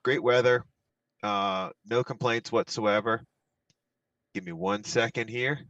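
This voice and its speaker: A man's voice: medium pitch, slow, creaky, fairly bright tone, dry recording, dull audio. A middle-aged man co-hosting a podcast in laid-back, easygoing chat. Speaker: podcast co-host. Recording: distant mic, dry.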